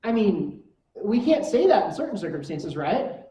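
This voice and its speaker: A woman's voice: medium pitch, very animated, normal speed, mellow. A woman teaching a conversational church lesson, often asking her class rhetorical questions. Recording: echoey room from far mic.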